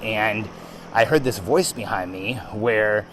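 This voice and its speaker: A man hosting a podcast, telling a story in an animated, excitable way with frequent ums. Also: fairly low pitch, takes it slowly, noisy background. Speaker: podcast host. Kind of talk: storytelling monologue.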